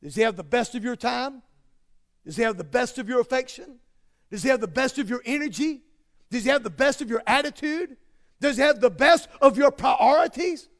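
A man's voice: very high-pitched, expressive, moderate pace. A man preaching a sermon, emphatic and repetitive, driving home his points with strings of rhetorical questions.

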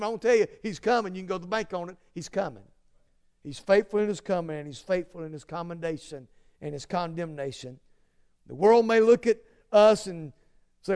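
A man preaching a sermon, earnest and emphatic, repeating phrases and swinging between loud declarations and hushed asides. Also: high-pitched, fairly quick, clear, resonant tone.

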